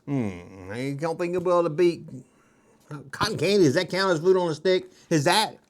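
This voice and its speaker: A man's voice: fairly high pitch, animated, moderate pace. A middle-aged man hosting a casual show-and-tell vlog, rambling with jokes and nostalgic asides. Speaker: toy collector host.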